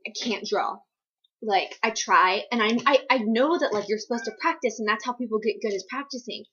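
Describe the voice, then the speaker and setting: A woman's voice: fairly high pitch, brisk, fairly bright tone, husky, lo-fi sound. A young woman from the US East Coast answering viewer questions in a casual Q&A vlog, rambling with lots of fillers and self-deprecating asides. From East Coast United States. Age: young adult.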